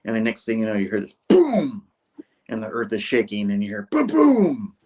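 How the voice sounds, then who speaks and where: A man with a fairly low voice loosely retells a comic story aloud on a casual podcast, talking rapid-fire in a flat delivery full of fillers. The recording is rough.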